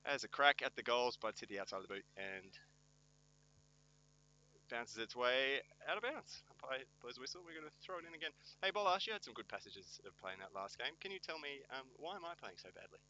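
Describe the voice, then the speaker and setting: A man calls a local football game with a very bright, forceful voice. He pokes fun at himself and his co-host in a wry, self-mocking way while following the play. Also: mid-range voice, lively intonation, brisk, dull audio. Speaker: match commentator. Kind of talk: joking amateur sports commentary.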